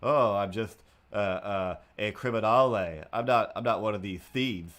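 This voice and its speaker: A man's voice: on the low side, a little slow, fairly bright tone. A man putting on a pompous French-accented thief. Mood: haughty.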